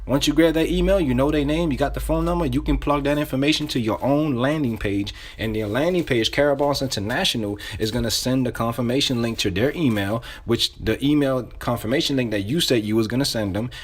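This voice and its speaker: Acting out sample phone calls, a sales trainer coaches casually, talking a little fast with few pauses. His mid-range voice carries loose, conversational phrasing marked by restarts and repetition.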